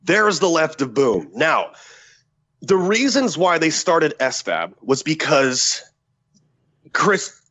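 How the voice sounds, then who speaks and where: A man, a former Special Forces soldier, telling a story as a podcast guest in a profane, animated way, acting out the dialogue. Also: fairly high pitch, slow pace, pauses often. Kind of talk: casual war-story telling.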